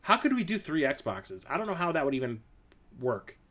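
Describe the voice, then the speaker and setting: He's a young adult host on a casual live stream, very animated, with a fairly high pitch and normal speed. Expect meandering stories, plenty of laughing, and loud reenactments of what people said.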